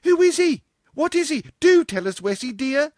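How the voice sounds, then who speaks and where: A man's voice: extremely high pitch, very animated, unhurried, fairly bright tone, no echo, studio quality, pitched above the performer's own voice, heavily acted. A man voicing a dramatic, gushing young woman clerk who wails and pleads. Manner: wailing, breathless, theatrical. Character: shrill gushing young office girl, dramatic.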